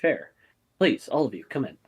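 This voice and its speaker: A man voicing a calm, polite telepathic woman in a tabletop game, in a soft, low voice. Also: moderate pace, creaky, husky, full character voice.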